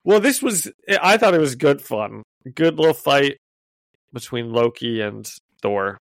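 A man co-hosting a podcast, casually recapping a kids' comic in a loose, laughing way with quick paraphrased quotes. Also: mid-range voice, a bit bright, dry recording. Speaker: podcast co-host. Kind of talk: casual chat, retelling a comic.

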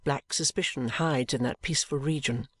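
A volunteer narrator reading a classic novel in a measured, even manner at a middling pitch. The recording is dry and close, with no room sound around the voice. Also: slightly rough, no echo. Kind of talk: audiobook narration.

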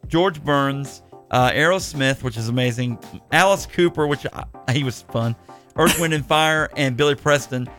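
A man's voice: medium pitch, normal speed, a bit bright, soft background music. A man hosting a podcast, chatting casually in a jokey, rambling way with lots of fillers. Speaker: podcast host.

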